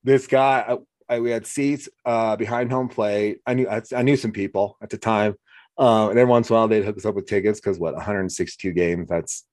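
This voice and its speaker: A man's voice: on the low side, brisk, dry recording, clean studio sound. A man talking casually as host, telling stories and acting out what people said. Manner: animated storyteller, acts out quotes. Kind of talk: casual conversation.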